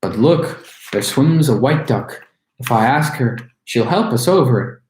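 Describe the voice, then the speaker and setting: A man's voice: medium pitch, expressive, unhurried, darkish tone, a little hiss or hum, natural voice. A man reading the lines of a frightened but brave little girl, in an earnest, pleading way. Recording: roomy echo.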